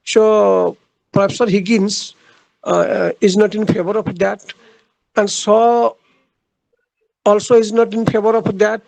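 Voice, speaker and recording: A man giving a literature lecture, halting, with frequent fillers and repeated phrases. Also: high voice, level tone, gravelly, darkish tone, dry recording, rough recording.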